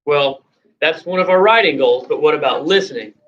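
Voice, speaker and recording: A woman's voice: sits low, lively intonation, fairly quick, lo-fi sound. Patient woman teacher prompting young kids. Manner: patient, prompting, repeats questions. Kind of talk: classroom instruction to young children.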